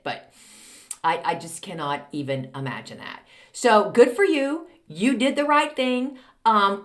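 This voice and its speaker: This is a middle-aged woman, hosting her own advice podcast in a casual monologue. She talks in a snarky, emphatic way and often says a line twice to drive the point home. Her voice sits at a mid pitch. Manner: snarky, emphatic, repeats lines for effect. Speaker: podcast host giving advice.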